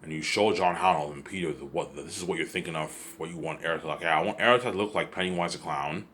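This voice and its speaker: A man's voice: extremely low pitch, quick pace, a bit bright, slight background noise. A man rambling in a casual solo monologue, repeating himself and often adding "you know what I'm saying.". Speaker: vlogger.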